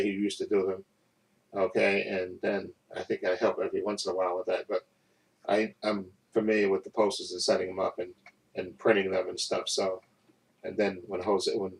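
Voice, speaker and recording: A man's voice: deep voice, distant mic, rough recording. A man chatting rambly about his work week, full of fillers and restarts, a bit off-mic. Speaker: vlogger. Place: in bed at home.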